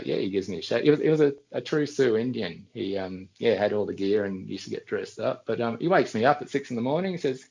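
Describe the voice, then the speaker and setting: A middle-aged Australian man with a gravelly, fry-edged voice spinning loose anecdotes as a podcast guest. He wanders, restarts his sentences and circles back in an easy, conversational way. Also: on the low side, a little mellow, low-quality recording. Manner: rambling anecdotes with frequent restarts. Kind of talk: casual storytelling.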